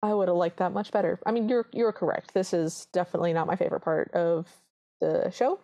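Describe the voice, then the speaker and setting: Woman with a low, mellow voice recapping a film. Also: fairly even intonation, fairly quick, creaky, dull audio. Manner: acts out characters' lines while recapping. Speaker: podcast co-host. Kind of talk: casual chat, retelling a film scene by scene.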